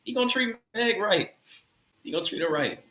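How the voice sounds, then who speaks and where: Laid-back bright-voiced man co-host. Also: high-pitched, animated, brisk. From Bay Area, California. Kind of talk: casual sports and celebrity chat. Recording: roomy echo.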